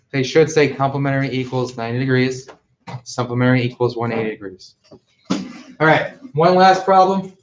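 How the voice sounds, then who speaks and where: A male math teacher speaking loudly through a mask, firm and drilling his class. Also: fairly high pitch, distant mic, lo-fi sound. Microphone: masked, mic at a distance. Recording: echoey classroom.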